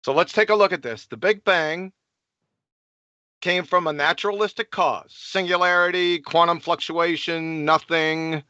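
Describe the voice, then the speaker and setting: A man's voice: fairly high pitch, measured pace, pushed and bright, clean tone, dry recording, dull audio. A man presenting his slides on a group call, assertive and lecturing.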